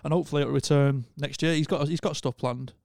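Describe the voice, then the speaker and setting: Casting: young Wigan man, gravelly but smooth, relaxed slangy podcast chat, dry sound. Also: a little high, fast, no room sound. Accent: Northern English, Wigan. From Wigan, England. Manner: laid-back, chatty, lots of slang. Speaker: touring crew member, podcast guest. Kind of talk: casual chat.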